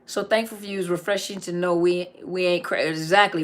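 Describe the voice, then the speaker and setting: A woman's voice: on the low side, steady tone, a little fast, hardly any pauses, fairly bright tone. A middle-aged woman counselor on a casual live stream, reading viewer comments aloud and answering them, often repeating key phrases for emphasis.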